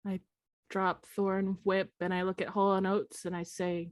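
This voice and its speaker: A woman playing a tabletop game, playful and quick to laugh. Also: mid-range voice, little pitch movement, dry recording, studio quality. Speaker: player.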